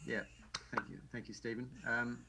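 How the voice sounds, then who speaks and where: A man co-hosting a casual podcast, talking in halting bursts with many restarts and easy laughs. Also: medium pitch, steady tone, vocal fry, a crowd in the background, low-quality recording. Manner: halting, full of ums and restarts, laughs easily. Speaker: podcast co-host. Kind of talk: casual chat.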